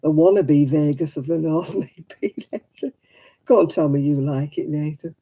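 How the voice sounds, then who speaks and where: A woman's voice: low voice, fairly even intonation, a little slow, mellow. A woman hosting a crafting livestream, chatting frankly and casually with viewers and calling them by name.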